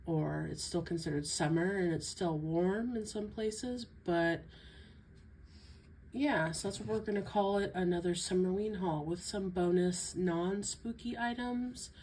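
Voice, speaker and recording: Stuffy-nosed woman, slow casual chat. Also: lowish voice, darkish tone, slight background noise. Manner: chatty, chuckles often, stumbles over words. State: stuffy-nosed from a sinus infection. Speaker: coloring book YouTuber.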